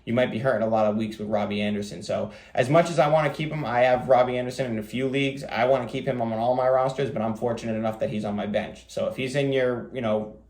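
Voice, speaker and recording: Rambling, fast-talking man, echoey room. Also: medium pitch, fairly even intonation, a little mellow. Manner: rapid, rambling delivery with many fillers. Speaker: fantasy football podcast host. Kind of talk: casual solo commentary.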